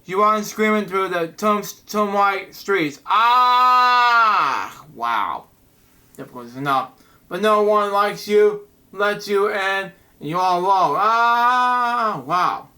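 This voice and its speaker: Bright, high-voiced man reading comics aloud. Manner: halting, with frequent "wow" and "anyways". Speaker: comic book reviewer, channel host. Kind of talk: casual reading and commentary.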